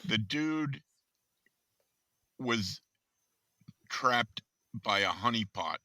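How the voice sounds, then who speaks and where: A man's voice: fairly low pitch, expressive, extremely slow, bright, forceful tone, no room sound. A man co-hosting a casual podcast, speaking in a grave, emphatic, gloomy way. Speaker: podcast co-host. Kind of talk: casual political chat.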